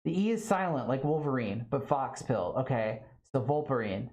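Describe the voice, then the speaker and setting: A woman's voice: a bass voice, sing-song, normal speed, a little mellow. A young woman streaming live, chatting casually with her viewers and reading their comments, full of "like" and "um" fillers.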